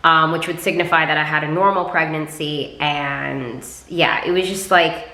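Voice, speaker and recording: Bright-toned young woman in an echoey room. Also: sits low, fairly even intonation, normal speed. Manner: candid and chatty, with many "like" fillers. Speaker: vlogger. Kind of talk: casual storytime to camera.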